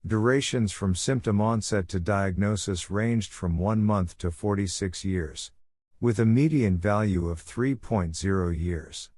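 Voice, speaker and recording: A man's voice: fairly low pitch, a little mellow, no echo, clean studio sound. A middle-aged man from Japan with a Japanese accent, giving a prepared conference lecture as a physician and reading steadily from his slides. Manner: measured, reads steadily from slides.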